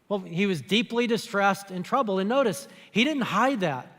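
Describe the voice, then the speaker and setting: A man's voice: high voice, animated, moderate pace, hardly any pauses, fairly bright tone, long reverb tail. A man preaching a sermon as pastor, speaking conversationally and acting out the lines he quotes. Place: church auditorium.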